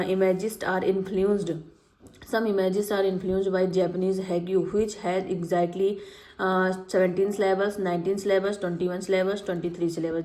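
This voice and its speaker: Working through exam questions in a study lecture, a female teacher reads out each choice and then says the right answer again slowly. Her medium-pitched voice is mellow and flat, heard in an echoey room.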